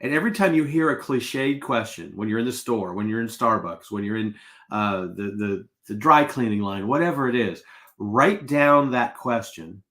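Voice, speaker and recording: A man's voice: mid-range voice, lively intonation, moderate pace, fairly bright tone. A middle-aged man coaching salespeople on a live webinar, casual and full of anecdotes, acting out the exchanges he quotes.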